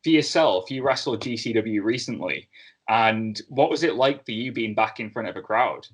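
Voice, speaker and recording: A man's voice: medium pitch, moderate pace, breathy edge. A man hosting an interview, chatting in a friendly way and giving long setups before his questions. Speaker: podcast host and interviewer. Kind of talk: casual interview chat.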